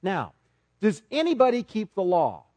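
A man's voice: high voice, huge pitch swings, normal speed, darkish tone, no room sound. A man preaching a sermon to a congregation, emphatic and full of rhetorical questions, often restarting his words. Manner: frequent repeated restarts. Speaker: pastor.

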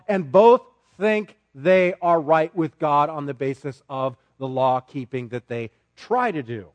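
A man's voice: fairly high pitch, lively intonation, a little slow, few pauses, no echo. A man preaching a sermon to a congregation, emphatic and full of rhetorical questions, often restarting his words. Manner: frequent repeated restarts. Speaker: pastor.

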